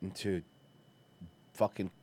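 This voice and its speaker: A man's voice: slow pace, warm tone. A man hosting a podcast, joking crudely and talking casually over a video. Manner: brash, profane, joking. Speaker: podcast host.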